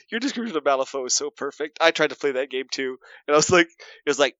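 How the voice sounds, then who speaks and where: Man, podcast co-host, casual chat, lively up-and-down pitch, dry dead room, dull audio. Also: fast talker, smooth, dry recording. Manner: hesitant restarts, then bursts of excited laughing recounting.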